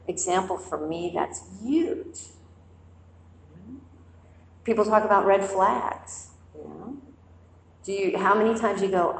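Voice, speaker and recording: Her mid-range voice is slow and gravelly, with long pauses, as this woman teacher gives a conversational dharma talk to a group in a quiet meditation hall. She tells animated stories and acts out inner voices. The low-quality recording sounds roomy, like a large hall, with slight background noise.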